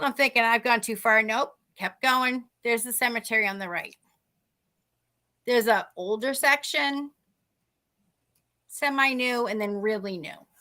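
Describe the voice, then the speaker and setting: A woman co-hosting a podcast, telling a story in a lively, chatty way and acting out the dialogue. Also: on the high side. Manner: animated, acts out quoted dialogue. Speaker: podcast co-host. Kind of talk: casual storytelling.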